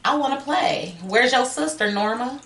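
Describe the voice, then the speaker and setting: A woman's voice: high-pitched, expressive, moderate pace, a bit bright, recorded from a distance, pitched above the performer's own voice. A woman voicing a giggly, taunting little girl. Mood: gleeful taunting. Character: gleeful cruel little girl killer. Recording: echoey room.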